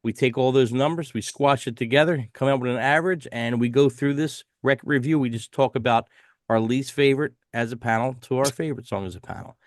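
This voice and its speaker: A man's voice: medium pitch, a little fast, no room sound, studio quality. A man hosting a casual album review panel, chatting loosely and laughing often. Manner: laughs often, relaxed banter. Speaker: podcast host.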